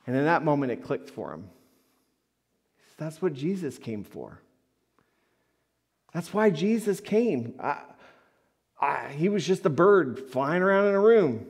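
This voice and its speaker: A male pastor preaching a sermon full of stories. His delivery is animated: he swings from soft asides to loud, emphatic peaks. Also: fairly high pitch, a little slow, gravelly, long pauses, slightly rough. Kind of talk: sermon with storytelling.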